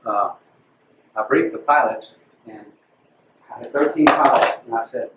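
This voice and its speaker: An older retired officer tells a blunt, dry war story to a squadron. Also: male voice, mid-range voice, unhurried, long pauses. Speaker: retired Air Force colonel recounting a mission. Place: large room with an audience. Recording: distant, roomy, phone-like with faint noise.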